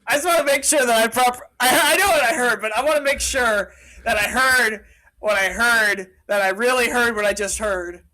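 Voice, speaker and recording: Excitable joking male podcast co-host. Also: extremely high pitch, moderate pace, poor audio. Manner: excitable, interrupting, jokey. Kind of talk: casual chat.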